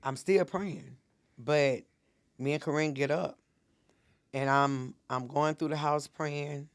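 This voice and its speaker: A middle-aged woman, a minister appearing as a podcast guest, speaks slowly in a low, steady voice. She tells an emotional personal story with earnest intensity, voicing the words of everyone involved.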